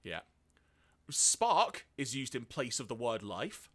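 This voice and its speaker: A man's voice: mid-range voice, sing-song, slow, fairly bright tone, slightly rough. A man co-hosting a casual podcast, reading out notes on an episode and laughing often. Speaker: podcast co-host.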